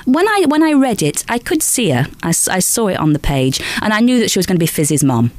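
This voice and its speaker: A woman in her forties from Lancashire, England, telling lively stories in an interview as a guest actress, often restarting sentences. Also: mid-range voice, quick pace. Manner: lively anecdotal storytelling, frequent restarts and small laughs. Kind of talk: chatty interview answers.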